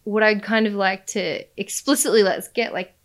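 A woman's voice: medium pitch, fairly even intonation, normal speed. A woman hosting a conversational interview, affirming her guest with frequent agreement and light laughter. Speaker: host.

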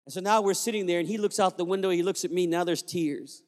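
A pastor from Puerto Rico delivers a storytelling sermon and animates it by voicing the dialogue. His voice is fairly high for a man. A long reverb from the hall trails every phrase. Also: quick pace, darkish tone.

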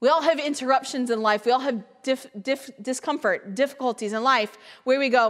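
A woman's voice: high-pitched, fairly quick, few pauses, a bit bright, big-room sound. A woman guest speaker giving a conversational sermon, full of rhetorical questions and acted-out inner voices. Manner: acts out imagined inner voices.

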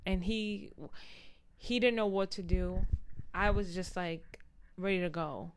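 A woman's voice: fairly low pitch, slow, pauses often, noisy background. A woman casually telling a personal story, acting out what people said along the way. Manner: candid, animated retelling with quoted dialogue.

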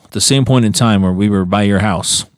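Co-hosting a podcast, a man tells a long story in casual conversation, animatedly acting out the people he quotes with big jumps in pitch. He talks a little fast, and the studio-quality recording has no room sound.

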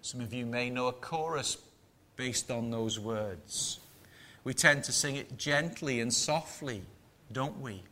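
Slow, forceful male preacher. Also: medium pitch. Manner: measured, emphatic preaching with rhetorical questions. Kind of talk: sermon.

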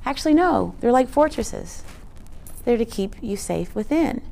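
Speaking a little slowly in a slightly high, animated voice that's gravelly and dark, a woman presents a teaching talk. Her delivery is conversational, earnest and emphatic, frequently punctuated by rhetorical questions like "right?"

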